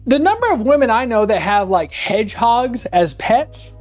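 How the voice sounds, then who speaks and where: A man's voice: very high-pitched, very animated, moderate pace. A man rambling sarcastically and animatedly in casual chat while he cooks live in his home kitchen. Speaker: live-streaming home cook. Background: faint music.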